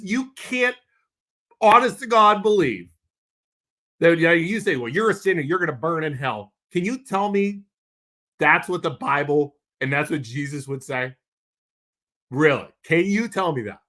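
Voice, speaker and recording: Heated, bright-voiced man ranting. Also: sits high. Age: adult with a wife. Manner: heated, blunt, repeats himself when worked up; calms down when making announcements. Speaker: podcast co-host. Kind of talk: passionate podcast rant.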